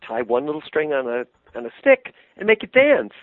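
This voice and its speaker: An older man, a puppeteer, telling animated anecdotes in an interview and laughing easily. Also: on the high side, a little fast, no echo. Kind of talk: interview storytelling. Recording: tinny phone-line sound, dry.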